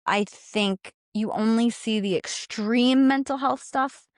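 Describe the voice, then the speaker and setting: A woman's voice: on the high side, takes it slowly, no echo, clean studio sound. Chatty young woman telling a story. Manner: chatty, frequent "like" fillers, acts out past dialogue. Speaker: podcast co-host. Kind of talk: casual personal storytelling.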